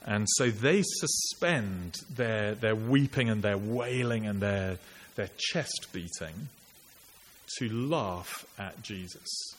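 A man with a fairly low voice delivers an earnest, reflective sermon in a conversational tone. His words ring out with a long church reverb, and a faint hiss runs under the recording. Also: slow pace. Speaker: preacher.

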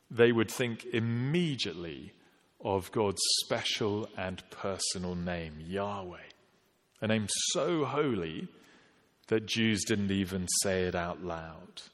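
A man preaching a sermon, measured and emphatic, slowing down to stress quoted scripture. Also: low-pitched. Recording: long hall reverb.

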